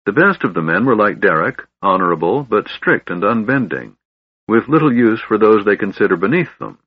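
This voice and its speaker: A man's voice: lowish voice, big pitch swings, normal speed, breathy edge, dry recording, narrow, tinny audio. A man voicing a bitter, honor-bound young knight with a grave, brooding delivery.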